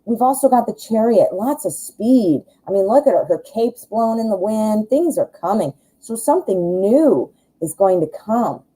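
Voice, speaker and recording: A woman's voice: mid-range voice, lively intonation, moderate pace, few pauses, warm tone, husky, low-quality recording. A woman giving a chatty live tarot reading, reassuring and thinking aloud with plenty of fillers. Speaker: tarot reader.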